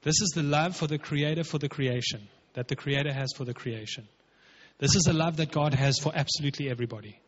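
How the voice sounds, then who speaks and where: A man's voice: a little high, fast, husky. A man preaching a sermon as pastor, emphatic and conversational, acting out quotes. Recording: dull, lo-fi with long hall reverb.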